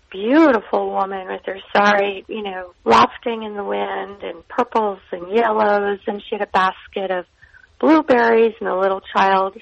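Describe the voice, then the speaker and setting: A woman's voice: medium pitch, gravelly, lo-fi sound. A woman guest chatting casually, rambling with fillers and restarts as she tells a story. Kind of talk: casual chat.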